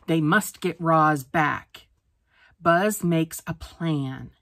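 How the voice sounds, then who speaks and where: A woman's voice: low voice, extremely slow, a bit bright, dry recording, studio quality. A woman teacher reading a picture book aloud for a phonics lesson, sounding out words letter by letter.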